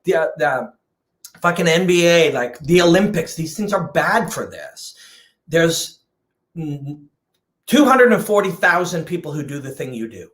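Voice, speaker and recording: A man's voice: fairly high pitch, very animated, measured pace, a bit bright. Passionate, swearing man in an echoey room. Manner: passionate, emphatic, swears freely. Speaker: combat sports analyst and host. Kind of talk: unscripted passionate rant to camera.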